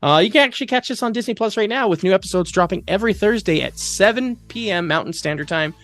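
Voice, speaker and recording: A man's voice: sits high, quick pace, no echo. A man co-hosting a podcast, joking around and reading out a streaming segment with frequent laughs. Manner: jokey, laughs often, animated. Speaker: podcast co-host. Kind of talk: casual banter and segment reading.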